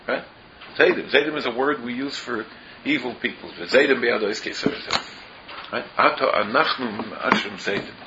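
A man's voice: medium pitch, gravelly. A man teaching a Torah class, explaining verses and often asking rhetorical questions, with Hebrew and Yiddish terms mixed into his English. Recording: dull lo-fi recording with faint noise.

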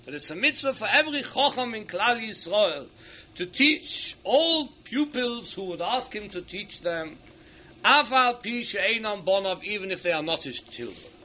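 A man giving a Torah lecture to teachers. He reads Hebrew sources in quick bursts and then explains each one in English. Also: high voice, sing-song, pushed and bright. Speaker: rabbi speaking to teachers. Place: hall at an event.

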